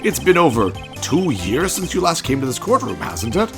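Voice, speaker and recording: A man's voice: fairly high pitch, very animated, moderate pace, fairly bright tone, faint music behind, voice pushed up. A man voicing a fussy, dithering old judge who speaks formally and hesitantly.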